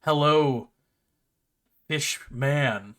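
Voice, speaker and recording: A man voicing a sly, well-mannered talking house cat in a tabletop game, with a slow, courteous drawl and a hungry edge. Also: a little high, fairly bright tone. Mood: sly, polite. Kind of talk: game master voicing a character.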